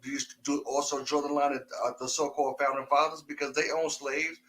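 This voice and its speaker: A man co-hosting a podcast, asking calm, probing questions in a casual debate, often restarting his sentences. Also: on the high side, brisk, crowd noise, poor audio. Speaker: podcast co-host.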